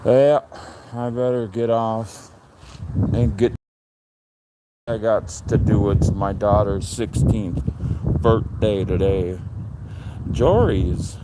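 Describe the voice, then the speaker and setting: A middle-aged man, chatting casually on a live stream from his phone as he walks around his home and backyard. He is relaxed and chatty. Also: slow pace, pauses often. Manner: relaxed and chatty, jumps to a high sing-song voice when talking to his dog. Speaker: livestream host. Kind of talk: casual live-stream chat while walking. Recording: faint outdoor noise on a phone stream.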